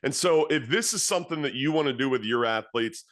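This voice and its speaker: A man's voice: mid-range voice, lively intonation, brisk, a bit bright, no room sound, studio quality. A man, a football coach in his thirties, telling a story in an earnest, storytelling way and repeating phrases for emphasis. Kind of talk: motivational talk to coaches.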